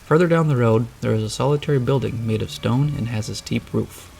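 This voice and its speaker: Gravelly male storybook narrator. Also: medium pitch, a little fast, slight background noise. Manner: steady, descriptive reading.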